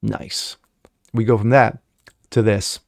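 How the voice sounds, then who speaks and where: A man's voice: on the low side, fairly even intonation, slow, gravelly, no echo, clean studio sound. A man giving sarcastic commentary on news stories, reading articles aloud with mocking asides. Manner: sarcastic, mocking asides between read-out passages. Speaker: commentary vlogger.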